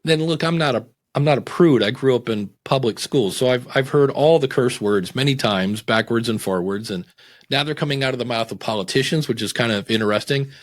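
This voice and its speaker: A middle-aged man talking as a guest in a casual podcast interview, animated and acting out quotes and voices as he explains. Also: brisk. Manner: animated, acts out voices and quotes with big pitch swings.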